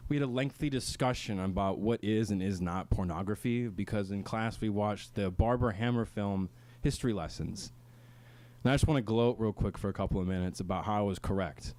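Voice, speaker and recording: A young man with a fairly low voice hosts a comedic student radio show, gloating in a playful, mock-serious way. He talks from a small radio studio. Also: a little mellow. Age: young adult. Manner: mock-boastful, playful, slips into silly voices.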